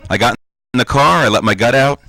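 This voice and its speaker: A man's voice: medium pitch, brisk, background noise. A comedian in his forties from New Jersey doing a campy, self-deprecating stand-up set as a talk show guest. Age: 40s.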